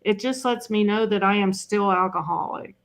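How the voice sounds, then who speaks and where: An older woman talks as a podcast guest with a gravelly, creaky edge to her voice. She tells personal stories in a loose, self-mocking way, full of "you know" asides. Her voice sits at an ordinary middle pitch for a woman. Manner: chatty and self-mocking, with frequent "you know" and quick laughs. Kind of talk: conversational storytelling.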